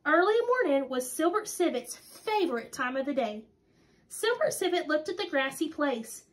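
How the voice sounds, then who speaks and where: A woman reading a children's story aloud in an expressive, sing-song, deliberate way. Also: high-pitched. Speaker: storybook reader.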